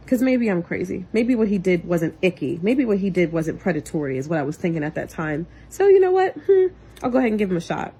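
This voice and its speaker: Young woman, direct-to-camera testimony; earnest and intense, with sharp swings from loud to hushed. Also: slight background noise. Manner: earnest, intense, swings between loud outbursts and quiet low passages. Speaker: vlogger and single mother. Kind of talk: emotional personal testimony to camera.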